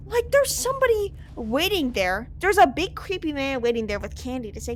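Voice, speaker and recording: A woman's voice: high-pitched, big pitch swings, moderate pace, a little hiss or hum. A woman streamer chatting playfully and casually while she plays a game. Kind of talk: casual gameplay commentary.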